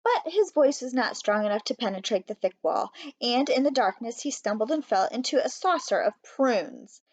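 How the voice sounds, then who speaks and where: A woman reading a children's storybook aloud in a steady, clear way. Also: fairly high pitch, moderate pace, dry recording. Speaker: audiobook reader. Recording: dry, slightly muffled.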